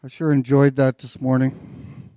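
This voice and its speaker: A pastor with a mid-range, unhurried voice preaches in a relaxed, conversational way, reading and explaining scripture with filler words and joking asides. There's no room sound.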